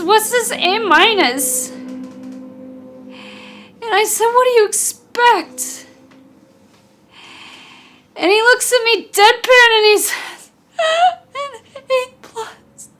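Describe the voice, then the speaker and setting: A woman's voice: extremely high pitch, lively intonation, takes it slowly, long pauses, fairly bright tone, heavily acted. An actress playing a woman who recalls her demanding father in a wry monologue. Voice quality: wry storytelling. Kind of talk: film monologue.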